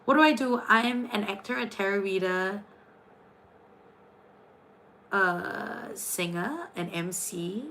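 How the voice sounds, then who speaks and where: A woman's voice: medium pitch, slow, gravelly, long pauses, pushed and bright, slight background noise, low-quality recording. A woman hosting a casual astrology and tarot livestream, chatty and playful, jumping between viewer comments.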